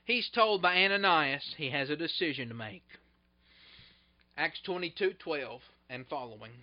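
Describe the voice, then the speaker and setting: A man preaching a sermon, swelling loud and then dropping soft and slow to stress his points. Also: fairly high pitch, expressive, dull audio.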